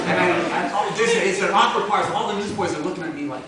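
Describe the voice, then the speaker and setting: A man's voice: high voice, fast talker, hardly any pauses. A man, a record producer, telling a funny story from his career in a casual way, often laughing and quoting people. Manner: animated, laughing often, quotes voices. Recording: roomy, distant mic, noisy background.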